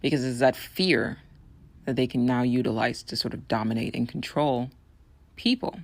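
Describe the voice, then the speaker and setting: A woman hosting a solo podcast, talking in an earnest, persuasive way with a raspy, hoarse voice. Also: rumbling low, moderate pace, no echo. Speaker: podcast host.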